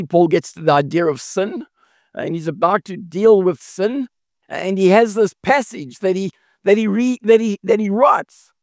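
A man's voice: high voice, gravelly, no echo, studio quality. A man preaching a sermon in an earnest way, often restarting and repeating words as he explains. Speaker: pastor.

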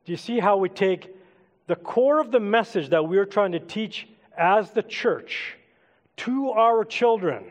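High-voiced preacher in a reverberant hall. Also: male voice, animated, measured pace. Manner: conversational, coaxing the congregation to take part. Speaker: pastor. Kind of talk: interactive sermon.

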